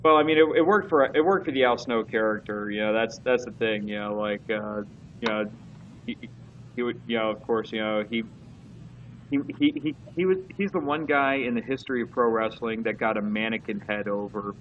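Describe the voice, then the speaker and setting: A man's voice: lowish voice, brisk, a little hiss or hum. Rambling man with muffled stream audio. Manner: rambling, many fillers and restarts. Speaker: podcast co-host. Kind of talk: casual wrestling chat.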